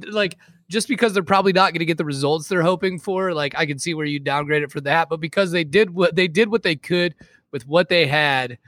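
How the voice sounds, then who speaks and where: Bright, animated man on a sports podcast. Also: a little high, brisk, dry recording. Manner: animated, swears, says dude. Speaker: podcast co-host. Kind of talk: casual sports talk.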